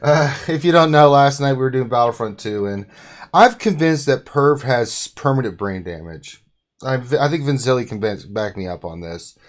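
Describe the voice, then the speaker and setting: A man hosting a casual livestream chat, telling stories in an excitable way and laughing often. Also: mid-range voice, moderate pace. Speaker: host.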